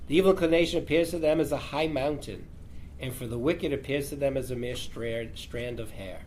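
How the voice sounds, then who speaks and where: A man's voice: mid-range voice, a little mellow, slight background noise. A rabbi teaching a class, reading out a Talmud passage and explaining it with rhetorical questions to his students. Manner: reads the text aloud, then explains it with rhetorical questions.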